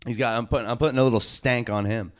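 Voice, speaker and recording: A young man, a podcast co-host and wrestler, telling stories in loose, excited, profane casual chat. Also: medium pitch, fast. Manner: loose, excited storytelling full of slang and swearing.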